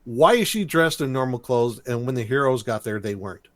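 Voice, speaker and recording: A man's voice: medium pitch, animated, brisk, no echo. A man co-hosting a podcast, recapping a cartoon episode in loose, chatty storytelling with many fillers. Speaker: podcast co-host. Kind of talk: casual cartoon recap chat.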